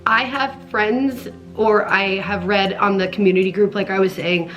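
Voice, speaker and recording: A woman's voice: medium pitch, steady tone, moderate pace, muffled recording, faint music behind. A young woman talking earnestly and emotionally in a casual personal vlog at home, rambling with many restarts. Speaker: vlogger.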